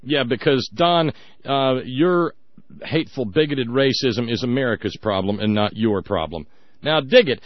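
A man's voice: medium pitch, lively intonation, moderate pace, no echo, highs cut off. A man hosting a radio talk show, giving sarcastic, emphatic commentary with frequent restarts.

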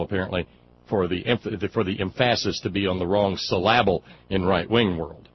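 A man's voice: low voice, normal speed. A man hosting a political talk radio show, sarcastic and combative, talking loosely with many fillers and restarts. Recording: dull lo-fi radio audio with faint noise.

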